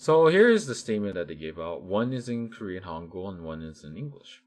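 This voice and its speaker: A man's voice: sits low, very animated, a little fast, a little mellow. A man vlogger giving casual, rambling commentary with many restarts and fillers.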